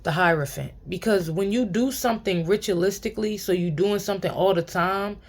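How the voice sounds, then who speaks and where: A woman speaking gives blunt, profane spiritual advice in a loose, casual monologue. Her voice sits in a middle pitch, and she keeps breaking into laughter and repeating her lines for emphasis. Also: a little fast. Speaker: spiritual tarot reader.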